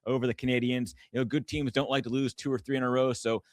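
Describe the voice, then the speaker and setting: A man co-hosting a podcast in casual sports chat, steady and stat-driven. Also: medium pitch, fast talker, dry recording, clean studio sound. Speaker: podcast co-host.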